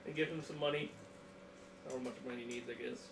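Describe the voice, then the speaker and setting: A man's voice: medium pitch, steady tone, quick pace, gravelly, echoey room, far from the mic, slight background noise. A man playing a tabletop game, chatting casually and joking with the group. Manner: jokey and laughing. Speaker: player.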